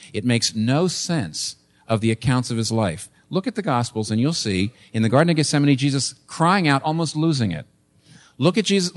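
Emphatic male preacher. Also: on the high side. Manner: emphatic, with repeated phrases and rhetorical questions. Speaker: pastor. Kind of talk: sermon. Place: church.

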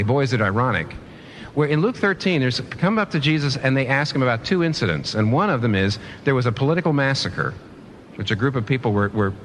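A man preaching a sermon in a middle-pitched voice that rises and falls widely as he presses his points. He poses rhetorical questions and stumbles into quick restarts. A faint noise sits under the recording. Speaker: pastor.

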